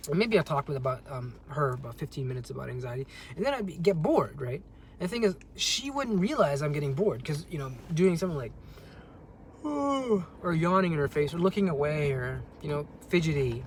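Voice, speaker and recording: A man's voice: on the high side, big pitch swings, brisk, a little hiss or hum. A man talking casually to camera in a rambling way, often repeating words and restarting his sentences. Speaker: vlogger. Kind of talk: casual monologue.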